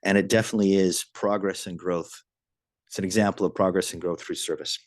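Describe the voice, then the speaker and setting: A man giving a motivational business training talk, telling a story with lively enthusiasm and frequent restarts and repeated words. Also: low voice, fast, no echo.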